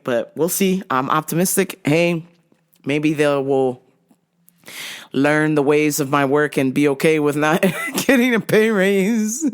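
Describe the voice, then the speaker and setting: Profane, laughing woman host. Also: low-pitched. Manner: blunt, profane, laughs often. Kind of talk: casual monologue.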